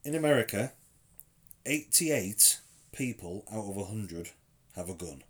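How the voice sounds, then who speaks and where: A man's voice: fairly low pitch, animated, measured pace, husky. A man, co-hosting a casual podcast, asking leading questions in a dry, teasing way. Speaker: podcast co-host. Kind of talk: casual chat.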